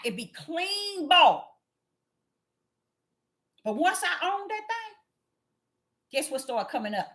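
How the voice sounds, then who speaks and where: A woman preaching an impassioned sermon, calling out to her listeners and swinging from low murmurs to loud cries. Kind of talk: fiery street sermon.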